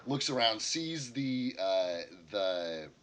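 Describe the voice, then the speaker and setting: A man's voice: medium pitch, animated, slow pace, a bit bright, slight background noise. A man narrating a tabletop game as game master in a loose, casual way with plenty of fillers.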